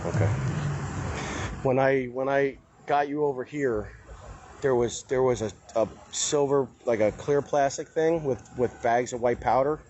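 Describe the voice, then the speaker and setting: Police officer questioning on a noisy bodycam. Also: male voice, mid-range voice, measured pace. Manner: calm, repetitive questioning with stumbles. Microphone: body-worn camera. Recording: dull bodycam audio with noise.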